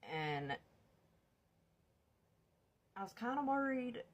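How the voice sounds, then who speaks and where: A young woman telling her own story to the camera in a casual, animated way, swearing freely, laughing often and calling her viewers y'all. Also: a little high, extremely slow, slight background noise.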